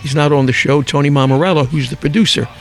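Older philly guy, fast storyteller, slightly high voice, soft music behind. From Philadelphia. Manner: lively raconteur, acts out quotes, rattles off names. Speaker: guest. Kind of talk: anecdotal storytelling in an interview.

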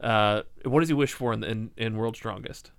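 A man's voice: fairly low pitch, moderate pace, vocal fry, smooth. Rambling young man retelling cartoon jokes. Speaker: podcast co-host. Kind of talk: casual chat.

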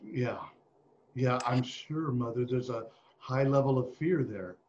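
A man's voice: medium pitch, a little slow, darkish tone, a little hiss or hum. Earnest male host, lo-fi audio. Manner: earnest, prompting questions. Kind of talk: casual interview talk. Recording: dull lo-fi audio.

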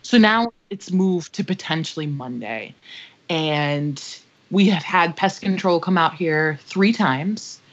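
A woman's voice: sits low, animated, slow pace. Profane, emphatic woman telling a story. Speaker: podcast co-host. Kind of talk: casual storytelling chat. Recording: dull lo-fi podcast audio.

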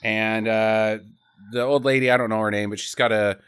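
A man's voice: lowish voice, fairly even intonation, moderate pace, a bit bright, clear, resonant tone. A man casually recapping a movie plot with a co-host, swearing freely and laughing often. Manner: profane, laughing, joking. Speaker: podcast host.

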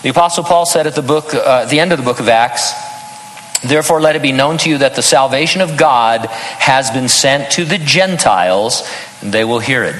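A man's voice: medium pitch, fairly bright tone, long reverb tail, a little hiss or hum, low-quality recording. An older man preaching a sermon in an earnest tone, breaking into humorous personal stories. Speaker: pastor.

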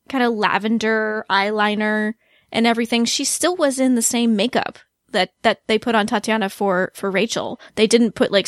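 Higher-voiced woman co-hosting a chatty podcast. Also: no room sound, clean studio sound. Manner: chatty, frequent restarts and laughs. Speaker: podcast co-host. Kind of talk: casual chat.

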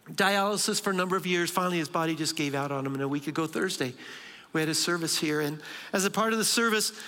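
A man preaching a sermon in a church, moving between soft, slow lines and emphatic bursts. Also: high-pitched. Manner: dramatic pauses, shifting between soft and emphatic. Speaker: pastor. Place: large church sanctuary. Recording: long hall reverb.

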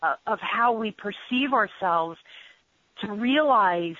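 A woman business trainer telling stories in a conversational interview, animated and full of "you know" fillers. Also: medium pitch, takes it slowly, no room sound. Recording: dull lo-fi audio.

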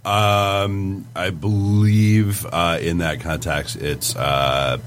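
A man's voice: low voice, level tone, drawn-out words, slight background noise. A man co-hosting a comedy chat, explaining and quipping in a dry, matter-of-fact way. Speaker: podcast co-host. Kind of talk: comedic banter.

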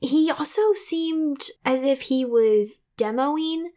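A woman co-hosting a casual book review chat, animated and playful, laughing often. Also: sits high, slow pace. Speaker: podcast co-host, book reviewer.

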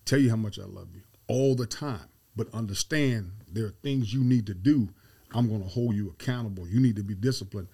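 A man's voice: lowish voice, a little fast, mellow, breathy edge. A middle-aged man, a football head coach, telling stories as a podcast guest and repeating his key phrases with emphasis. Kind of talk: storytelling interview.

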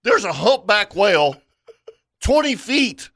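Male co-host, animated storyteller, lively and a bit high-pitched. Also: fairly quick, no echo, clean studio sound. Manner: animated storyteller, laughs often. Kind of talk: casual radio chat.

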